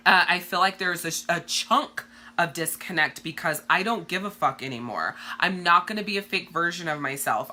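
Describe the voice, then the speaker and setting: A woman's voice: lowish voice, sharp tone. A woman coach talking bluntly and profanely in a casual live-stream monologue to her viewers. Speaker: direct sales coach.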